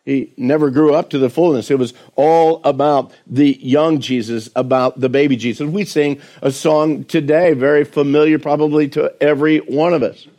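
A man's voice: fairly high pitch, fairly even intonation. Earnest preaching man, asking the congregation. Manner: earnest preaching with rhetorical questions; recites hymn lyrics in a slower, softer voice. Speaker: pastor. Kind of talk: sermon.

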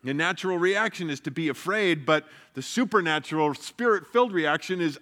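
Bright, earnest male preacher. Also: on the high side, animated, brisk. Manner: earnest, drops to hushed emphasis and rises when stressing points. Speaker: pastor. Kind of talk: sermon.

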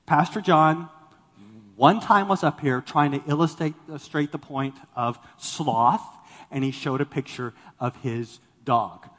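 An animated male pastor delivers a sermon to his congregation, acting out the people he quotes. His voice sits a bit high for a man. It rings with the long reverb of a big church hall. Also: unhurried.

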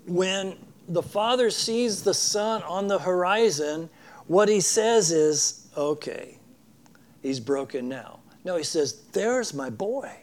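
A man preaching a sermon in an earnest way, acting out the people in the story and dropping his voice soft for emphasis. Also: high voice, slow pace. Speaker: pastor.

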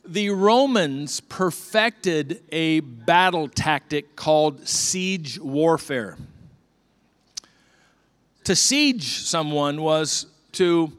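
A middle-aged man preaching a sermon as a pastor, telling stories with lively swings from quiet to loud. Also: on the high side.

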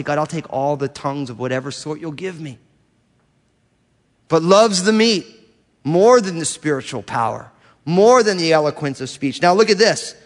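A middle-aged man preaching with lively energy, his voice sitting a little higher than most men's. He slips in and out of playful voices of churchgoers. The sound rings with the long reverb of a large church hall. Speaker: pastor. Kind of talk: sermon.

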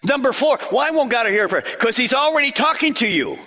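A man preaching a sermon with a bright, higher voice that swings widely in pitch. He drives his points home with rhetorical questions and rapid lists, and his voice carries a long reverb from a large hall. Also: sing-song. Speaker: pastor.

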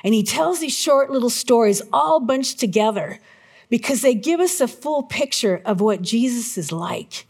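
A middle-aged woman preaching to her congregation in a fairly high voice. She tells stories with animation and bursts into shouts when she acts out her own panic. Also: animated, normal speed, slightly rough. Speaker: pastor. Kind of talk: sermon with personal story.

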